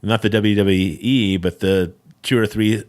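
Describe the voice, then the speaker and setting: A man hosting a casual podcast, with a somewhat low voice. He tells stories with energy, swearing freely and laughing along the way. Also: unhurried. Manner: animated storyteller, swears, laughs easily. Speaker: podcast host. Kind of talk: casual chat.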